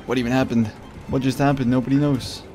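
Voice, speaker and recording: A man giving casual, excitable gameplay commentary, swearing often and talking to his opponent. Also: medium pitch, quick pace, faint music behind. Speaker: gaming video creator.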